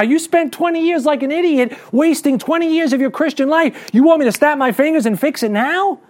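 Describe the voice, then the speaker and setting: Male pastor, high and animated voice, casual preaching with rhetorical questions. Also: brisk, hardly any pauses. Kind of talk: sermon.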